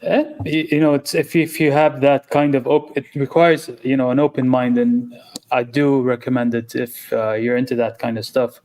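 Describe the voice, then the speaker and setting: A man co-hosting a music podcast, speaking in a halting way with frequent "uh" and "like". His voice sits at an ordinary middle pitch. He talks in a relaxed, conversational way. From Saudi Arabia. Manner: hesitant, halting with fillers. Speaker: podcast co-host. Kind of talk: casual podcast chat.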